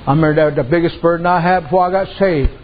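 A man with a notably high voice preaches in a folksy, rambling way, telling stories and tossing in "amen" between thoughts. The recording sounds muffled and lo-fi. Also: fairly even intonation, rapid-fire. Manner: folksy, repeats "amen" and "I said", uses dialect. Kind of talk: sermon with storytelling. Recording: dull lo-fi sound.

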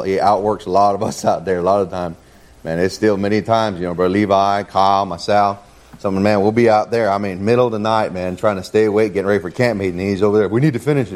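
Middle-aged male preacher, casual sermon delivery, lots of fillers, pitch lifts on scripture. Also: darkish tone. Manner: folksy, peppered with "man" and "amen", rising in pitch when reading scripture.

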